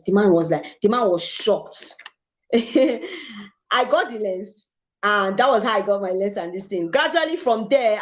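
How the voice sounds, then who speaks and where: A young Nigerian woman, a photographer, telling her story in an interview with lively, expressive delivery, slipping into Pidgin and laughing as she goes. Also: medium pitch, muffled recording. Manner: animated storytelling with Pidgin phrases and bursts of laughter. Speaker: photographer guest.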